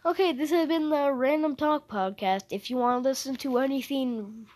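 A woman's voice: high voice, moderate pace, darkish tone. A young woman hosting a casual solo podcast, rambling and hesitant, often trailing off mid-thought. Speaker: podcast host.

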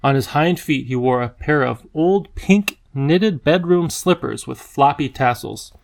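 A man reading a children's story aloud as an audiobook narrator, calm and steady. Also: a little high, a little slow, vocal fry. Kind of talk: scripted narration.

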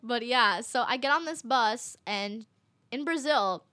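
Young woman, vlogger, bright tone, dry close sound, casual animated storytelling, fillers and laughs. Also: fairly high pitch, a little slow, no echo.

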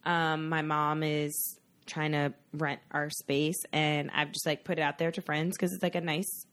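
A woman co-hosting a podcast, telling a personal story in a quiet, measured way during casual chat. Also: low voice, little pitch movement. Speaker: podcast co-host.

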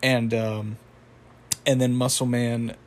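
A man's voice: medium pitch, level tone, takes it slowly. A young man casually recapping a cartoon episode, rambling with fillers and laughs.

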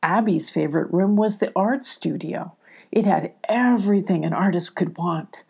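An older woman narrating a children's storybook in a gentle, expressive way. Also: on the low side, moderate pace, gravelly, slightly rough.

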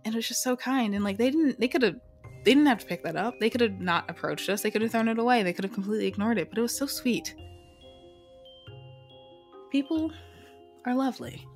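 A woman's voice: fairly high pitch, expressive, brisk, long pauses, soft background music. A woman playing a solo tabletop role-playing game, narrating and chatting in a casual, profane, self-interrupting way.

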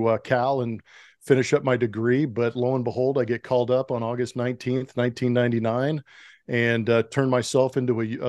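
This studio-quality clip with no echo features a mid-range male voice. He's a middle-aged ex-professional baseball player guesting on a podcast, animatedly recounting stories and performing each character's lines.

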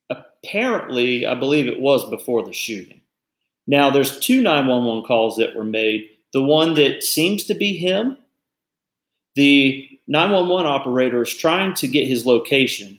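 A man co-hosting a casual discussion, thinking aloud in a thoughtful, halting way with frequent restarts. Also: mid-range voice, reverberant. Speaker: podcast co-host.

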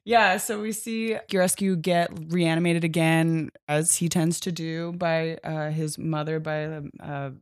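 A woman's voice: sits low, steady tone, unhurried, few pauses, no room sound. Dry-sounding woman rambling through a recap. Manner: rambling, with many fillers and easy laughter. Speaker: podcast co-host. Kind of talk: casual chat recapping a comic.

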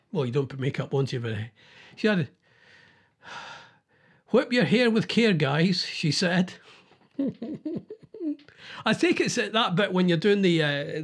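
A man's voice: fairly high pitch, lively intonation, normal speed. A man hosting a casual chat about news stories, rambling and thinking aloud as he goes.

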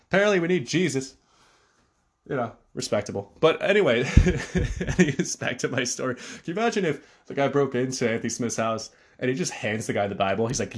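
This Connecticut man hosts a solo podcast, rambling casually with frequent fillers and restarts. His medium-pitched voice is animated and fairly quick.

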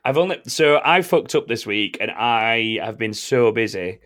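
A man's voice: medium pitch, animated, measured pace, fairly bright tone. A man hosting a casual podcast, chatty and self-mocking, laughing often. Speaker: podcast host. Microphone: remote recording software.

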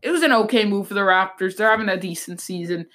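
A woman's voice: mid-range voice, fast talker, fairly bright tone. Opinionated woman ranting about sports. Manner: opinionated, blunt, rambling with restarts. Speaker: sports podcast host. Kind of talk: casual sports talk.

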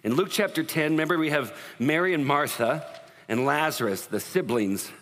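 A man's voice: fairly high pitch, moderate pace, fairly bright tone. A man preaching a sermon in a conversational, joking way. He often puts questions to the congregation. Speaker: pastor. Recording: long reverb of a large hall.

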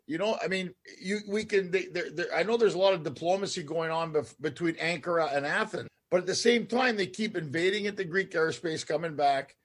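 A man from Canada hosting a casual chat, rambling and animated, often trailing off and restarting. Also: on the high side. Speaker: podcast host.

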